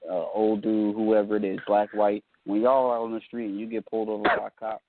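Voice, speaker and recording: Male co-host, deep and rapid, emphatic lister, phone-quality sound. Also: level tone, no echo. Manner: fast, emphatic, lists his points. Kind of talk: casual radio talk. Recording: dry tinny phone-like sound.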